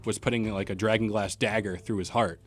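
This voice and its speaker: A man's voice: on the low side, steady tone, fairly quick. A man hosting a podcast, chatting casually and laying out his points at length. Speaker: podcast host. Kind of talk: casual chat.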